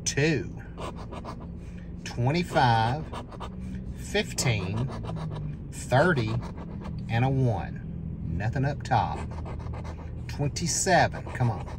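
A scratch-off lottery host, calling out numbers as they scratch and breaking into excited shouts at wins. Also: medium pitch, drawn-out words, long pauses, noisy background.

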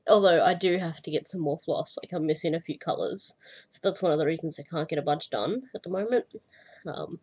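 A young woman vlogging about her cross-stitch hobby, breathy and often short of breath, rambling casually with fillers and self-deprecating asides. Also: medium pitch, a little mellow. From Australia. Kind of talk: casual chat.

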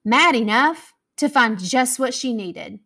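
Woman, american accent, children's storybook read-aloud, slow and lively, higher voice. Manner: expressive, animated storytelling with character voices. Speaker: school academic coach reading aloud.

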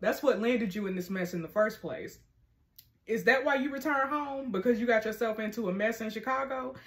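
A woman, casually reading a story game's dialogue aloud and reacting with animated, laughing asides. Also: mid-range voice. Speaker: narrating and reacting to a story game.

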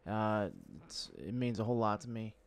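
A man's voice: on the low side, steady tone, moderate pace. A man casually commenting while he plays a video game, chatty and rambling, joking about himself. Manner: chatty, rambling, self-deprecating. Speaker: gaming channel host. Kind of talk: casual let's-play commentary.

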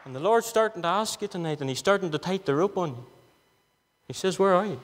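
A man's voice: high voice, animated, fast, noisy background. A man preaching a gospel sermon, pleading earnestly and repeating his questions insistently. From Northern Ireland. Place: church hall. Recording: reverberant church hall.

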